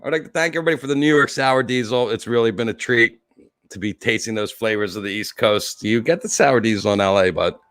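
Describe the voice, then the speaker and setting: A man hosting a casual livestream from home says his goodbyes while teary and choked up, rambling through fillers and restarts. He talks fast in a mid-range, slightly bright voice, and the recording is dry and studio quality.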